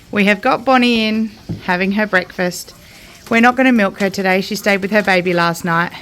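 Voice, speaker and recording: A woman's voice: medium pitch, fairly bright tone, a little hiss or hum. An Australian woman filming a casual farm vlog in an outdoor milking shed, explaining her work to viewers and cooing soothing praise to a cow. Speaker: homesteader vlogger.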